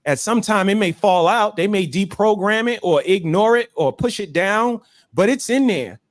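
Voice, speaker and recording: A man's voice: high voice, animated, moderate pace, dry recording. A man holds forth to his viewers. He preaches with emphasis and repeats phrases for effect. The sound is dry and close. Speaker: show host. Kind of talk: motivational chat on a live stream.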